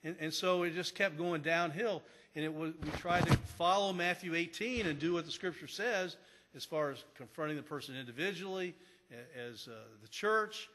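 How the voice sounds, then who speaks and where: In a church sanctuary, a male pastor preaches a sermon, telling stories conversationally and restarting often. His voice is fairly high and fairly bright at a normal speed, with a little hiss or hum and the long reverb of a church hall.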